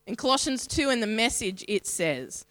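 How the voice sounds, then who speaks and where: An Australian woman speaking at a church in a sermon style, building long rhythmic lists with measured pauses. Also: a little high, very animated, a bit bright, no echo. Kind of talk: sermon-style spoken reflection.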